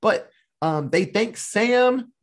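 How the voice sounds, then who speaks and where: A man hosting a casual podcast and recapping a movie in an animated, swearing, laughing storytelling style. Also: high voice, takes it slowly. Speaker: podcast host.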